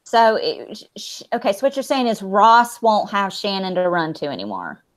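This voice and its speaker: A woman's voice: mid-range voice, expressive, normal speed. A woman co-hosting a reality show recap, chatting casually, agreeing and reading comments. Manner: agreeable, reads chat comments aloud. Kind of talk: casual chat.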